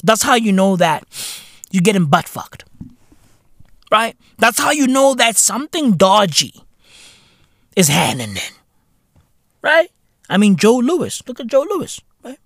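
A man hosting a podcast with British slang, ranting in a comic monologue with profane, animated jokes. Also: high-pitched, a little slow, pauses often, dry recording, studio quality. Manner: animated, profane, slangy, laughing between lines. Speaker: podcast host. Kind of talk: comedic rant monologue.

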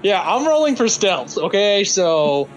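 A man's voice: high voice, very animated, measured pace, over music, poor audio. A man playing a tabletop game, cocky and defiant. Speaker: player.

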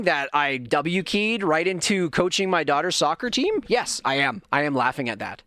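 A man's voice: fairly high pitch, big pitch swings, moderate pace, hardly any pauses, sharp tone, no room sound, clean studio sound. A middle-aged man hosting his own podcast, rambling through tangents and poking fun at himself. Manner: rambling, self-mocking, lots of tangents. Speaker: podcast host. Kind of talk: casual solo podcast rant.

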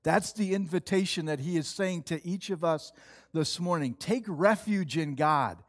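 A middle-aged male pastor, giving a conversational, earnest sermon with slow emphatic phrases. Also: a little high.

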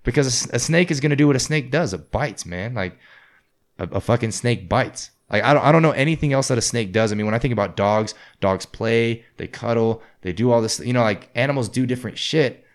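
A man's voice: mid-range voice, a little fast. A man chatting casually with friends, rambling and swearing freely as he tells stories. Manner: profane, rambling storyteller. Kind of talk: casual chat.

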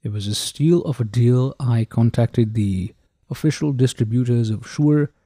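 Very dark-voiced showy podcast host man. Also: mid-range voice, unhurried, dry recording, studio quality. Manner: showy, repeats "ladies and gentlemen". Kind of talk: casual microphone review talk. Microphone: handheld dynamic mic held close.

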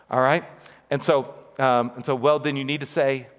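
A man delivers a sermon in a relaxed, conversational way, often checking in with the congregation through quick rhetorical questions. He sits at a middle pitch. His voice rings out with the long reverb of a large church sanctuary. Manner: conversational, with frequent rhetorical questions and "right?" asides. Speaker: pastor.

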